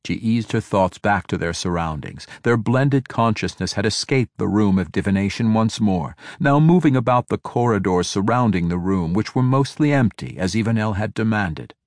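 A man narrates a fantasy audiobook in a measured, even storytelling manner. His voice is lowish, recorded at studio quality with no echo.

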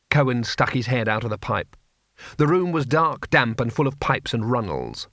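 A man narrating a comic fantasy audiobook in a measured, wry way. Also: mid-range voice, sing-song, fairly bright tone, no room sound, studio quality. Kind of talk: audiobook reading.

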